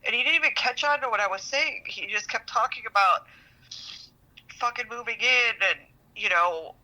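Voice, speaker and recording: A woman's voice: on the high side, normal speed, sharp tone, low-quality recording. A woman telling a personal relationship story as a podcast guest, frustrated, venting, and swearing a lot. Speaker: guest seeking relationship advice.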